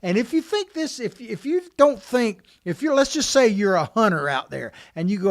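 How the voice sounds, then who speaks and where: A man co-hosting a political podcast, talking emphatically in an animated way. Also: high-pitched. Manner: animated, emphatic, quick restarts. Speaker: podcast co-host.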